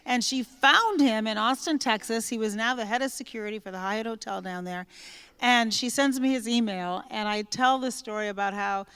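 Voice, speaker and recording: Smooth-voiced woman telling stories. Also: fairly high pitch, normal speed, long reverb tail. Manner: lively anecdotal storyteller who acts out quoted speech. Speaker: memoir author and guest. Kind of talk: storytelling in an onstage conversation.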